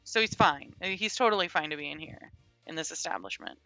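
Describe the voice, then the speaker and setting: A woman's voice: sits low, brisk, bright, forceful tone, no room sound, faint music behind. A woman playing Jane, a flustered stammering adventurer. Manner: stammering, hesitant.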